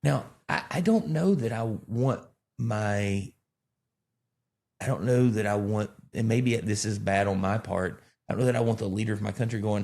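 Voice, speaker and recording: A man from Alabama, a pastor in casual conversation who rambles and tells animated stories with self-deprecating humor. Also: on the low side, unhurried, vocal fry. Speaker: pastor and podcast co-host.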